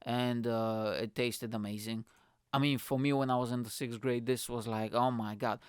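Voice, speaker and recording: A man's voice: mid-range voice, flat delivery, normal speed, clear, resonant tone, dry recording. Ranting profane man host. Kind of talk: solo podcast rant.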